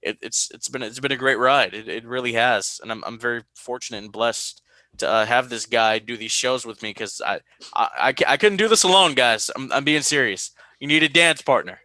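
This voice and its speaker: Animated young man hosting a podcast. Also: fairly quick, no room sound. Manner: animated storytelling, high-pitched quoted voices. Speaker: podcast host. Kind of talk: casual podcast chat.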